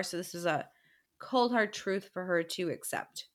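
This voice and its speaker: A woman's voice: lowish voice, measured pace. Wry woman podcast co-host. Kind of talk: casual book discussion.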